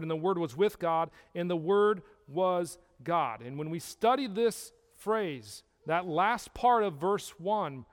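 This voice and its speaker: Male Bible teacher, high voice, emphatic, asks the room questions, long hall echo. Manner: emphatic, with rhetorical questions to listeners.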